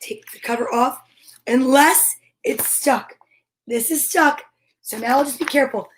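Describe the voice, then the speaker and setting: A woman's voice: high voice, unhurried, a little hiss or hum. A woman hosting a children's storytime, chatting and reading a picture book aloud in a bubbly, friendly way. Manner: bubbly and chatty, talks straight to young listeners.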